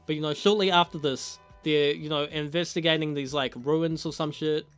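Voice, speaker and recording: Young guy reviewing a show, swears nonstop, laughs a lot, bit high pitched, quiet music behind. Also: fairly even intonation, normal speed, hardly any pauses, smooth. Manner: casual, heavy swearing, laughs often. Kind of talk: casual spoken review.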